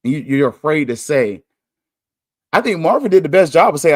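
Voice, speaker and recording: A man hosting a podcast, talking candidly in a casual monologue, chatty and quick to laugh. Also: a little high, very animated, no room sound, clean studio sound. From United States. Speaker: podcast host.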